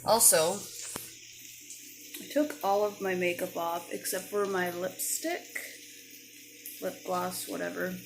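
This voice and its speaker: Woman, home cook vlogger, chatty and self-deprecating; roomy kitchen sound, pan sizzling loudly under her voice. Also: fairly low pitch, steady tone, takes it slowly, gravelly, long pauses. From not from the American South. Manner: chatty, self-deprecating, talks while cooking. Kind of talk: casual cooking vlog. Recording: echoey kitchen with frying noise.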